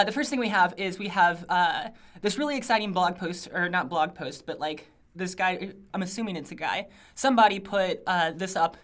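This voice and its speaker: Her voice sits on the low side with a bit of brightness as she hosts a relaxed livestream from a small office studio. She reads viewer greetings aloud in an upbeat, rambling way, with many fillers and asides.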